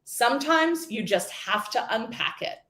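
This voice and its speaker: A woman in her forties giving a scripted keynote talk, telling stories with lively acted quotes. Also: a little high, measured pace, echoey room. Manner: storytelling, expressive with acted quotes. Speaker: keynote speaker.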